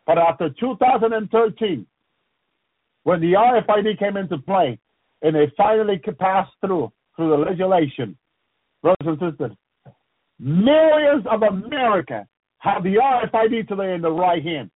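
A man's voice: high voice, expressive, moderate pace, breathy edge, no room sound. A man preaching an impassioned radio sermon, fervent and repetitive, often breaking into prayerful asides. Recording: dry, phone-like radio broadcast.

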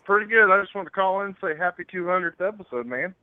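A man's voice: sits high, animated. A friendly male caller phoning in to a casual radio show. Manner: friendly, quick-talking. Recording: tinny phone line, dry.

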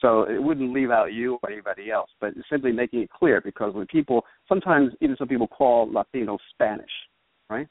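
A man, a political theorist as guest, explaining in a measured way and often checking with "right?". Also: medium pitch, no room sound. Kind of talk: explanatory interview talk. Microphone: phone. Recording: tinny dry phone line.

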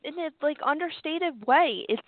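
A woman from Philadelphia co-hosting a show in casual chat, animated and quick to laugh. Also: high-pitched, dry recording. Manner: animated, laughs often, chatty. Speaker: co-host. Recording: tinny phone-like line, dry.

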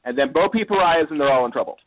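A man's voice: a little high, expressive, very fast. Man recapping over a tinny line. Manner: rambling, lots of "you know" fillers. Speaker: podcast host. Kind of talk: casual episode recap.

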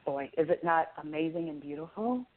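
A woman guest in an interview, explaining spiritual ideas in an earnest, preaching way and telling stories with animated delivery. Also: deep voice, fairly quick. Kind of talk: conversational interview. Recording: phone-like remote call audio.

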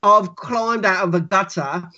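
A man doing a menacing gutter-rough British tough. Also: sits high, measured pace, sharp tone, full character voice. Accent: rough British, put on. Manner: threatening, gritty. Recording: dull lo-fi podcast audio.

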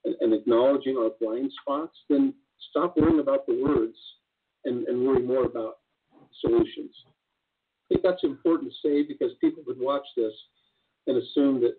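An earnest man talks in an easy conversational way and often circles back to restart his thought. His voice is husky and mid-pitched, and the thin, narrow sound suggests a phone line. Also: normal speed. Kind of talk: casual conversation.

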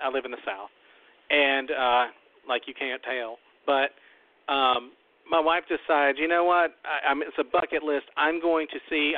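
A man's voice: mid-range voice, no room sound. A man hosting a talk show, telling a long story in a loose, rambling way and often repeating himself. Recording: tinny phone-like line, dry.

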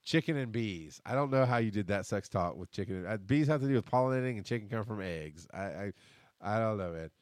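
A man's voice: lowish voice, animated, brisk, no room sound, studio quality. A man in his thirties hosting a podcast, talking bluntly and rambling through a casual personal monologue, swearing freely. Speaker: podcast host. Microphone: headphones and desk mic.

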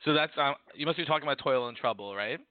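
A man's voice: mid-range voice, fast, no room sound. A man co-hosting a podcast, asking interview questions in a casual, giggly, slightly hesitant way. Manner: lively, giggly, hesitant with fillers. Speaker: podcast co-host. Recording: dry tinny phone-like line.

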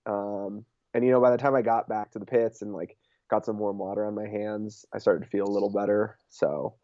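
A man's voice: on the low side, fairly even intonation, fairly quick, mellow, no room sound, lo-fi sound. A young man, a race champion, talking casually in an interview and leaning on fillers like "like" and "you know". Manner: laid-back, many fillers like "like" and "you know".

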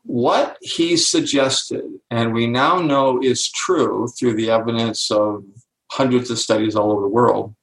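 This older man, a guest author being interviewed, talks at a measured pace in a mid-range voice. Explaining his ideas, he gets emphatic and animated, voicing quoted lines from the people in his stories, with echo from the room.

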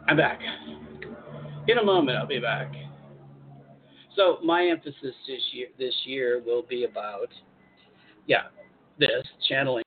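A man hosting a spiritual advice show, speaking in an encouraging, repetitive way and pausing to comment as he reads articles aloud. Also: medium pitch, a little hiss or hum. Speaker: host channeling spirit guides. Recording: tinny phone-like audio.

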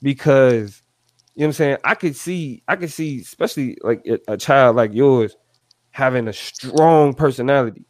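A man's voice: medium pitch, moderate pace, darkish tone, no room sound. A man co-hosting a talk show, chiming in with sarcastic jokes and teasing. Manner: joking, teasing interjections and sarcastic asides. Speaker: podcast co-host. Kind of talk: casual chat.

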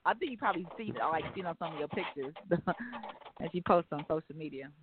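A woman hosting a casual talk radio show, speaking frankly and profanely with animated storytelling. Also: low-pitched, brisk, background noise. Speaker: host. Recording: dry phone-like line.

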